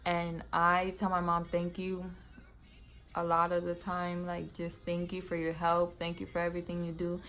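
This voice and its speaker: A woman's voice: on the low side, rough recording. A young woman chatting casually to camera as a mom vlogger, rambling, laughing often and using slang.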